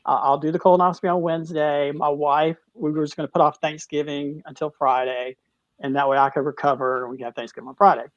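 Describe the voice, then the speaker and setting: As a talk-show guest and cancer survivor, a middle-aged man with a fairly high voice recounts a heavy personal story, halting and restarting, tearful at times. His tone stays steady. The audio is dry and dull like lo-fi call sound, with no room sound.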